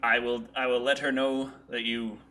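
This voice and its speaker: A young man hosting a casual livestream chat, excitable and tripping over his words with many restarts. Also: medium pitch, normal speed, very noisy. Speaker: show host.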